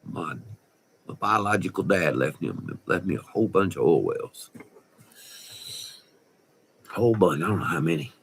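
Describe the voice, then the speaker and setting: A man's voice: low voice, lively intonation, normal speed, long pauses, a little hiss or hum. A middle-aged man with a West Texas drawl, telling folksy, slangy stories from his oil field days in a casual vlog. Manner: folksy, slangy, laughs between remarks. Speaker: vlogger, former oil field worker. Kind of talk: casual storytelling.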